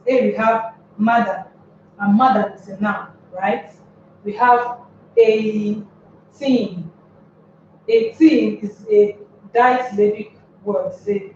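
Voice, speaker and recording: Woman, English teacher, slow careful explanation, distant mic, dull muffled sound. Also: medium pitch, a little mellow, a little hiss or hum. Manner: explains step by step, repeats words slowly. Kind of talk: classroom lesson on word stress. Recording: very echoey room, far from mic, dull.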